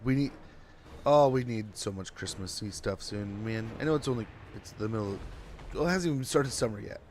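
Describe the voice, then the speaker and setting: A man's voice: on the low side, a little fast, a little mellow, a little hiss or hum. A young man giving casual, rambling, self-deprecating commentary while playing a strategy game. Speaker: gaming streamer.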